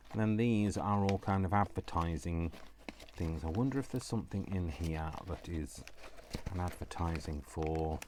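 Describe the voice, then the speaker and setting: Man, very low voice, casual rambling craft chat, talks to himself. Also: darkish tone, a little hiss or hum. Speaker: crafting channel host.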